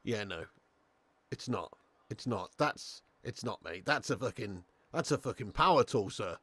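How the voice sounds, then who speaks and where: A man's voice: fairly low pitch, lively intonation, a little slow, a bit bright, breathy edge, dry recording. A young man hosting a live football watch-along who chats, swears and laughs, bantering with viewers in the chat.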